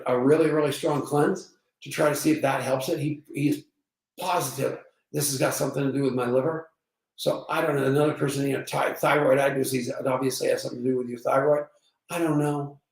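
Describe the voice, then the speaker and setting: Gravelly, upbeat man in his sixties. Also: fairly high pitch. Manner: emphatic, storytelling, preachy. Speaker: network marketing vlogger. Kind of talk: energetic motivational monologue. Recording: roomy, slightly distant mic.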